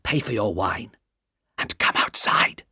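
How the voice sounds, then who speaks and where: A man doing a frightened, hushed spy. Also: mid-range voice, measured pace, husky, dry recording, clean studio sound, heavily acted.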